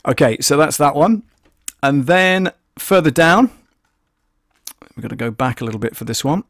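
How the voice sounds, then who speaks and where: A man hosting a live stream, casually explaining audio software and thinking aloud as he works. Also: a little high, animated, unhurried, vocal fry, long pauses, dry recording. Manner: chatty, thinking aloud with many fillers.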